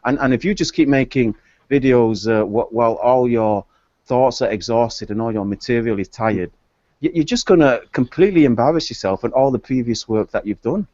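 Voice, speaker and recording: A man's voice: medium pitch, brisk, mellow, no echo. A man in a casual group chat, opinionated and hesitant, often repeating his words. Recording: dull lo-fi online call audio.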